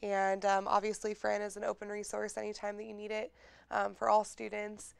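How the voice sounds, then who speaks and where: A woman's voice: mid-range voice, monotone, fairly quick, creaky, clean tone, no echo. A woman hosting a college TV interview, closing it in an upbeat way and thanking her guest. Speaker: student news host. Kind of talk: interview wrap-up.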